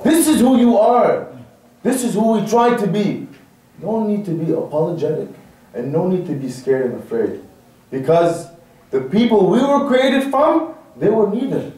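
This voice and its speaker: A man's voice: sits high, sing-song, normal speed, dark tone. A man giving a sermon at a religious gathering, pressing his listeners with rhetorical questions. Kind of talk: Muharram majlis sermon. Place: large mosque hall. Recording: echoey hall, from far off.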